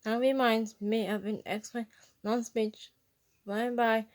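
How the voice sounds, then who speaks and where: Halting woman reading a fan story aloud. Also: on the high side, flat delivery. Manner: halting, stumbling over words. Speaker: reader. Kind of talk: fan fiction read-aloud.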